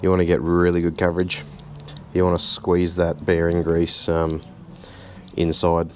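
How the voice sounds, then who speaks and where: Fixing a car in his home garage, a very low-voiced host keeps his how-to narration easygoing, chatty and self-mocking at a moderate pace. There's a faint background hiss throughout.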